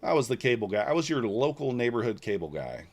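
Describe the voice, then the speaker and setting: A man's voice: mid-range voice, very animated, quick pace, darkish tone. Forties guy on a live stream, loose blunt chat, answers comments, swears a bit, middle voice. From Northeast Georgia, US. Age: 40s. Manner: chatty, answers viewer comments aloud. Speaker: trading livestreamer. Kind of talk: casual livestream chat.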